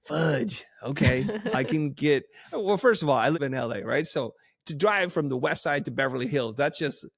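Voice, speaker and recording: A man guesting on a podcast, telling stories in a casual, animated way and acting out quoted dialogue. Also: on the high side, brisk, vocal fry, no room sound, studio quality. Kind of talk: casual storytelling.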